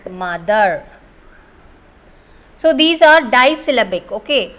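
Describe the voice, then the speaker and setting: A woman teaching English with an Indian English accent. Her voice sits a little high and she takes her time, explaining step by step. She repeats example words so students can follow. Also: very animated, slow, a bit bright. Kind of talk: classroom lesson.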